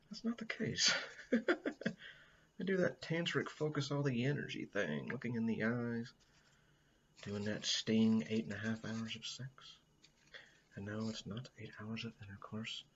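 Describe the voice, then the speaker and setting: A man's voice: medium pitch, a bit bright, muffled recording, slight background noise. A middle-aged man rambling casually indoors, swearing often and laughing a lot. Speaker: vlogger. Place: indoors at a friend's house.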